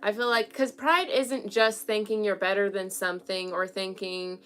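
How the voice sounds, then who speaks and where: A woman's voice: medium pitch, steady tone, normal speed, sharp tone, smooth. A young woman giving a casual tarot reading at home, chatty and frank, often checking in with her listeners. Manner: chatty, keeps checking in with "okay?". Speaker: tarot reader. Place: home room with an altar.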